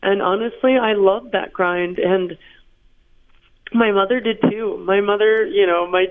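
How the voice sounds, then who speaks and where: A woman's voice: medium pitch, measured pace. Woman guest on a tinny phone line. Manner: animated, laughing storyteller. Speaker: interview guest. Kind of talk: phone interview.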